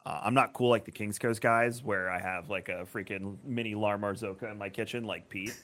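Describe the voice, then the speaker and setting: A man in his thirties, co-hosting a casual podcast, telling a story with lively acted-out voices and free swearing. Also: lowish voice, fairly quick, a crowd in the background. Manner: animated storyteller who acts out voices loudly; swears freely. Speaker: podcast co-host. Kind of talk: casual chat.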